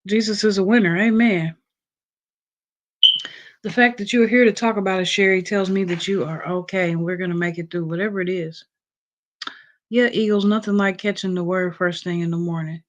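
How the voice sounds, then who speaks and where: A woman's voice: mid-range voice, fairly even intonation, moderate pace. A woman hosting a casual livestream, just out of bed, reading points from a list with plenty of ums and chatting with her viewers. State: just woke up. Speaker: livestream host.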